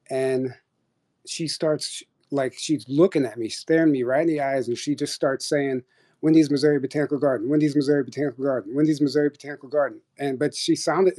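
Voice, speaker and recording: A man's voice: medium pitch, warm tone. A man telling a long personal story in a casual, rambling way, full of fillers and restarts. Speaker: podcast host sharing experiences. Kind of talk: casual storytelling on a live audio chat.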